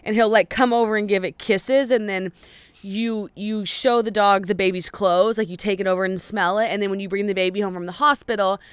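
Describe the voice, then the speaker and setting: Young woman co-host, smooth clear voice, dry close sound, chatty and rambling. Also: mid-range voice, fairly even intonation, a little fast, no room sound. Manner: chatty, rambling with restarts and laughs. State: pregnant. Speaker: podcast co-host. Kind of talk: casual chat.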